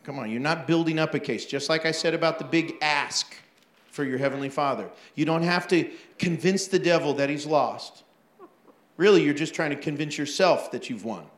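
A man's voice: a little high, moderate pace, echoey room. A man preaching a sermon as pastor, telling stories animatedly with laughs and acted-out asides.

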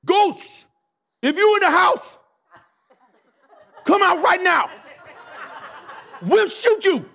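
Man putting on scared armed policemen, high shouted threats, jumpy. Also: lively intonation, extremely slow, creaky, pauses often, exaggerated voice. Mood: frightened shouting.

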